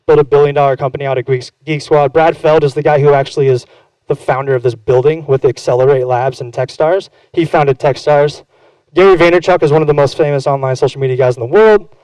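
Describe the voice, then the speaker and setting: A man's voice: on the high side, darkish tone, no room sound, rough recording. A young man giving a casual, candid conference talk, swearing freely and acting out his own anecdotes. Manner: candid, profane, self-deprecating, acts out quoted exchanges. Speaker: conference speaker. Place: conference stage.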